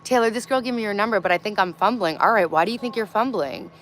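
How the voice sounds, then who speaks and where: A woman in her thirties hosts a casual livestream outdoors in her garden, chatting bluntly with viewers, reading their comments aloud and swearing freely. She talks fast in a medium-pitched, a bit bright voice, with a little hiss or hum.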